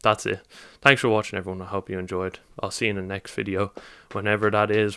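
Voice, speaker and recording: A man's voice: on the low side, level tone, fast talker, hardly any pauses, a bit bright, clear, resonant tone, no room sound, clean studio sound. Upset man ranting to camera. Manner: upset, rambling, heartfelt. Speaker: football vlogger. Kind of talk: emotional reaction vlog.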